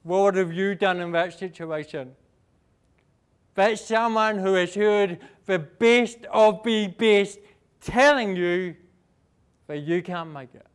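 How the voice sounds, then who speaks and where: A young man from New Zealand with a New Zealand accent, giving a fast, emphatic motivational talk and asking the audience questions. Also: high voice, clean tone. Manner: fast-talking, rising and falling for emphasis, asks the audience questions. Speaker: inspirational speaker. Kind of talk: motivational speech.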